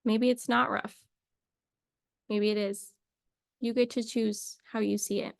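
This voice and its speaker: A woman talking in a playful, rambling way, thinking out loud as she runs a casual mock lesson. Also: on the high side, flat delivery, measured pace, vocal fry, no echo, clean studio sound. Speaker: video creator.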